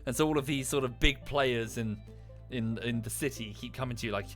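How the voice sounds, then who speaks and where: Soft music plays behind a British-accented streamer who talks a little fast in a mid-range, somewhat bright voice. Gaming live, he rambles with enthusiasm and curses freely in casual chat.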